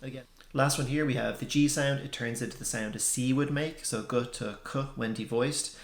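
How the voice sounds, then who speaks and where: Give me a young man teaching in a casual video lesson. His voice is gravelly, sits at an everyday middle pitch and has an easy, explaining manner. The room around him is echoey. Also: moderate pace. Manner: relaxed explaining, many ums. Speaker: language teacher.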